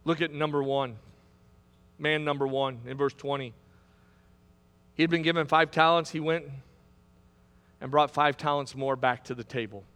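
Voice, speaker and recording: A man's voice: on the high side, fairly even intonation, normal speed, pauses often, fairly bright tone, clear, resonant tone, long reverb tail. A middle-aged man preaching a sermon as pastor, building to emphatic, repetitive climaxes. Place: church sanctuary.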